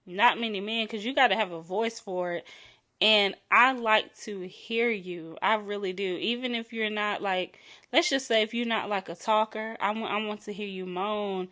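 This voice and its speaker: A young adult woman hosting her own podcast, talking frankly and playfully in a solo chat, drawing out and softening her voice on intimate words. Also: mid-range voice, normal speed. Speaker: podcast host.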